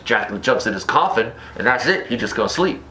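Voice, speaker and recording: A man's voice: medium pitch, animated, fast talker, bright, forceful tone, slight background noise, poor audio. A man giving a comedic movie review in a playful, slangy way, full of jokey asides.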